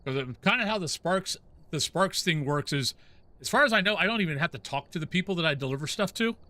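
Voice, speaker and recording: A man's voice: fairly high pitch, lively intonation, fast, bright, forceful tone, dry recording. A middle-aged man chatting casually with his stream viewers while gaming, rambling from one story to the next. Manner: rambling, talks to chat and to the game's ghost.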